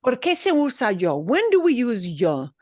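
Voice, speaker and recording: A woman teaching a Spanish class, explaining grammar with lively emphasis and repeating example phrases. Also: fairly high pitch, moderate pace, no echo, clean studio sound. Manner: animated, emphatic, switches between English and Spanish examples. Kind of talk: online class instruction.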